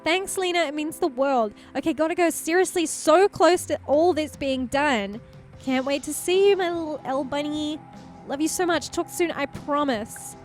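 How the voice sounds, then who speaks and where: A woman's voice: high-pitched, normal speed, soft background music, voice pushed up, lightly acted. A woman voicing an anxious young girlfriend, speaking urgently and pleadingly. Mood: tender. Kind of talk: let's play character voicing.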